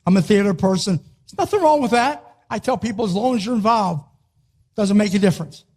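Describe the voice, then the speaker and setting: An older man with a notably high-pitched voice speaks to an audience in a motivational talk. He repeats his key phrases with emphasis and now and then rises to a shout. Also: expressive, a little fast. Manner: emphatic, repetitive, rising to a shout on key lines.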